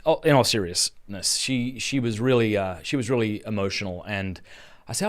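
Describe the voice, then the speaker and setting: A man's voice: on the low side, expressive, brisk, a bit bright. An Australian man in his thirties, hosting a live stream and telling a personal story in a casual, earnest way with frequent restarts. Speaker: Catholic speaker and podcast host.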